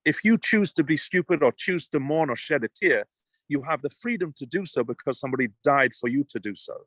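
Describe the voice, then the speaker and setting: A man's voice: on the high side, animated, brisk, fairly bright tone, dry recording. A British man speaking as a guest, emphatic and passionate, often restarting his sentences. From United Kingdom. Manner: emphatic, passionate, repeats words when starting. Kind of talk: conversational interview.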